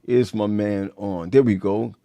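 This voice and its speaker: A man's voice: on the low side, fairly even intonation, a little slow, warm tone, no echo. A man hosting a casual livestream chat, talking loosely and repeating himself. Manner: loose, repetitive, chatty. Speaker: host.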